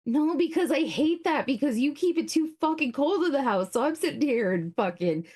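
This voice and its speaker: A woman's voice: high voice, lively intonation, normal speed, a little mellow. A woman co-hosting a live show in casual chat, blunt and swearing freely.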